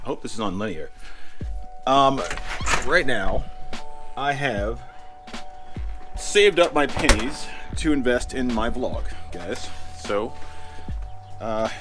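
Man, casual vlogger, rambling and chatty, handheld camera, mid pitch, lofi beats playing underneath. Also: lively intonation, slow, pauses often. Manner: rambling, self-interrupting, chatty. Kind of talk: casual vlog chat. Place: outdoors, in a car, and in a store. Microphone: handheld action camera. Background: lofi music.

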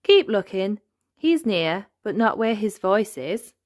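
A woman voicing a cheerful, kindly male elephant in a read-aloud storybook, with a bright, teasing manner. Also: mid-range voice, sing-song, slow pace, no room sound.

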